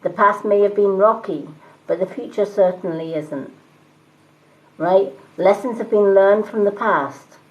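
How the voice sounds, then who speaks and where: A woman doing live-stream tarot readings, talking calmly and reassuringly and greeting viewers by name. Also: medium pitch, unhurried, dull audio. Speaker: tarot reader and medium.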